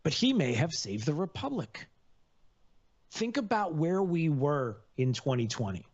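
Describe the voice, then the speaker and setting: A man's voice: fairly high pitch, sing-song, unhurried, a little mellow, lo-fi sound. A man hosting a political talk radio show, rambling and sarcastic, with many fillers and restarts.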